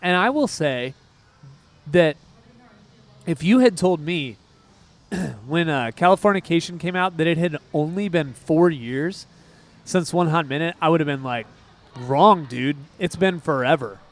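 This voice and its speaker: Excitable, lively-voiced male podcast host. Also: fairly high pitch. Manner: excitable, rambling, quick asides. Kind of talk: casual chat.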